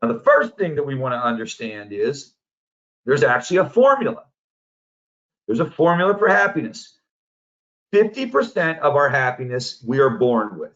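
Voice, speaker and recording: A man who works as a positive psychology coach, giving a casual, animated storytelling presentation. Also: medium pitch, moderate pace, long pauses. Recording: dull lo-fi audio.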